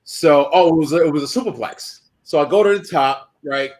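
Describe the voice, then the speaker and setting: A man, a guest wrestler telling a profane, animated story in a shoot interview. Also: a little high, a little fast, low-quality recording.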